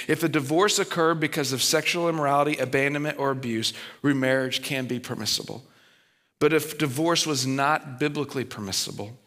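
Earnest man preaching with a bright voice. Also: medium pitch. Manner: conversational, earnest, plainspoken. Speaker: pastor. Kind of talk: sermon.

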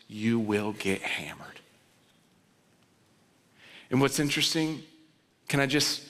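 A man preaching in a church sanctuary, his voice bright and forceful and pitched a little high. He moves between loud, urgent pleading and low, quiet emphasis. The sound rings with the long reverb of a big hall. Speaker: pastor. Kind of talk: sermon.

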